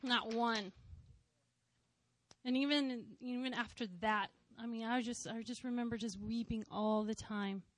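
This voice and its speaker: A woman's voice: a little high, steady tone, a little slow. A woman in her thirties sharing a personal testimony in church, heartfelt and conversational with touches of light humor.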